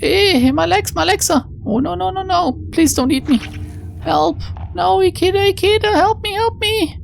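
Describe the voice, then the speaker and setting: A woman's voice: medium pitch, expressive, moderate pace, creaky, a little mellow, a little hiss or hum, pitched above the performer's own voice. A woman reading aloud as a frightened young woman detective hiding from a monster in a game, stammering and pleading. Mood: terrified. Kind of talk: reading a visual novel's lines aloud.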